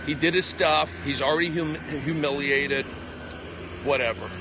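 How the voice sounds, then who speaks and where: A male comedian ranting in a rambling live stream monologue, combative, with jumpy pitch, recorded on a phone outdoors on a city walk. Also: normal speed, background noise. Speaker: comedian livestreaming. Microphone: phone at arm's length.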